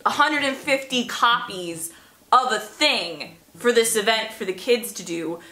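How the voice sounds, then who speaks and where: A young woman vlogs in an animated, sarcastic storytelling voice that is bright and slightly high. Her talk rings in an echoey room. Faint music plays underneath. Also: unhurried. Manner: sarcastic, animated, swearing freely. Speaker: vlogger. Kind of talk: casual storytelling to camera.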